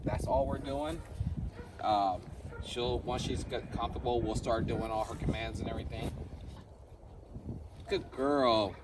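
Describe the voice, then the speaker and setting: A man's voice: fairly even intonation, unhurried, pauses often. Man explaining dog training from afar. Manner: explains step by step, often checking with "right?"; switches to a high squeaky praise voice for the dog. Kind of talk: casual training demonstration. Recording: distant mic with background noise.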